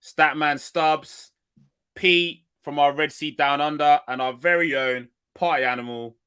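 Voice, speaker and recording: A man hosting a football podcast in an excited, chatty way, full of energy as he brings in his co-hosts. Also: on the high side, measured pace, clear, resonant tone. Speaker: podcast host. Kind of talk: excitable casual podcast chat.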